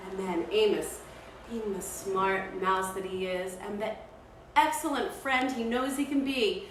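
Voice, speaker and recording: A woman teaching kids' yoga, telling a story in a playful, animated, encouraging way. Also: high voice, a little slow. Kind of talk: storytelling yoga class for children. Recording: echoey room, voice far from mic, faint noise.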